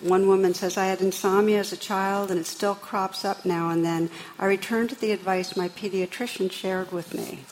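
A woman meditation teacher giving a talk to a live audience, gentle and unhurried, telling stories warmly. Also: medium pitch, steady tone, slight background noise, rough recording.

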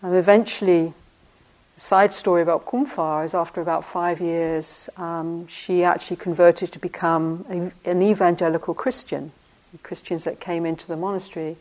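A woman's voice: lowish voice, steady tone, moderate pace. An older woman, a meditation teacher telling stories from her past in a reflective talk, often breaking into laughter. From United Kingdom. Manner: anecdotal, often laughing, soft asides.

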